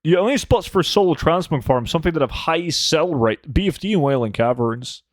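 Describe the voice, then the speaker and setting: A man's voice: a little high, expressive, brisk, no room sound, studio quality. A man chatting casually on a live stream, swearing often and joking as he answers his chat. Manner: swears a lot, joking and laid-back, reacts to chat. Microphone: desk microphone.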